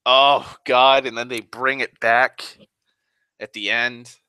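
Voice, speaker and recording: Man, casual live-stream rambling, excitable, profane, very bright edgy tone, dry sound. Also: medium pitch, slow pace, clean tone, dry recording. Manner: excitable, profane, sighs often.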